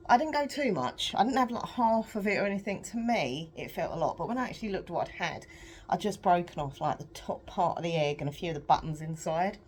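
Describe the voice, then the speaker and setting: A young adult British woman chatting in a rambling, self-deprecating way on a home vlog, her voice a bit croaky, laughing often. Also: on the low side, lively intonation, fast talker, slight background noise. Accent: British English. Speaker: vlogger. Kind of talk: casual confessional vlog chat.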